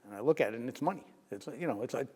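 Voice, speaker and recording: An older man, a retired sports journalist telling lively stories in an interview, often laughing. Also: mid-range voice, very fast, slightly rough, long reverb tail. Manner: lively anecdotal storyteller who laughs and acts out quotes. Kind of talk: storytelling in a sit-down interview.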